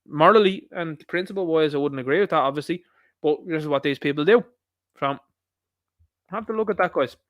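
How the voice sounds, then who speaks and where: A man's voice: a little high, fairly bright tone, dry recording. An Irish man hosting an online commentary show, rambling and opinionated as he reacts to posts and talks straight to his viewers.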